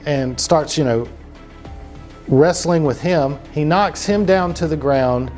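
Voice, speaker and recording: A man with a slightly high voice tells a crime story for laughs, loose and profane and full of "you know"s and asides. He drifts off track with jokes and comes back to the case. Faint music plays underneath. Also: a little mellow. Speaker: podcast host. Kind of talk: comedic true-crime storytelling.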